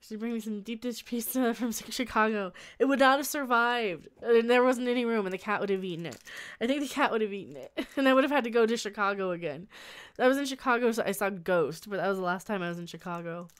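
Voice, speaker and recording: Young woman, casual stream chat, smooth clear voice, giggly and rambling, small home room. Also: a little high, quick pace. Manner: chatty, laughs often, rambling restarts. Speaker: livestream host reading chat.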